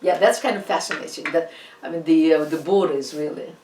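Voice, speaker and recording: A woman's voice: low-pitched, slight background noise. A woman with a Russian accent, a native Russian speaker, giving an informal art history lecture with many fillers and restarts. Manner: halting, many fillers and restarts, animated asides. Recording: roomy echo, distant from the mic.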